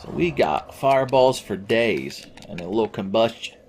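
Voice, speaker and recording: A man's voice: fairly low pitch, lively intonation, moderate pace, a little mellow, slight background noise. A man giving let's play commentary, sarcastic and profane, rambling from joke to joke. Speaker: game commentator.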